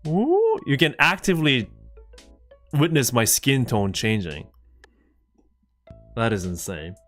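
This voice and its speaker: A man streams from his room, flustered and excitable, stumbling over his words as he talks to chat. His voice sits at a middle pitch, with faint music playing behind him. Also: takes it slowly. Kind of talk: casual live-stream chat.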